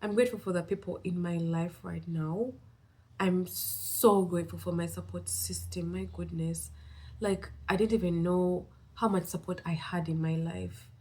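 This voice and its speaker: A woman from East Africa records a relaxed vlog update, her voice sitting a touch low. She rambles cheerfully and gushes with gratitude. A slight breathlessness runs under her words. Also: moderate pace, husky. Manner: rambling, upbeat and effusively grateful. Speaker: vlogger. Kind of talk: casual vlog check-in.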